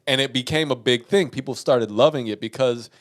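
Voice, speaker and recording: A man's voice: mid-range voice, fairly quick. Profane, laughing man telling stories. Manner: laughing, profane storytelling with quoted voices. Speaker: podcast co-host. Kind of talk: casual chat.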